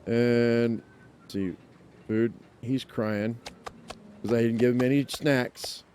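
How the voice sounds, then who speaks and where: A man talks through a survival game as he plays, muttering plans to himself and joking with viewers. His voice is mellow and warm, sitting at an ordinary pitch. He breaks into playful exclamations when things go wrong. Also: fairly even intonation, slow, a little hiss or hum. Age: adult, owns a dog. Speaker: let's play gamer. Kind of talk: casual gameplay commentary.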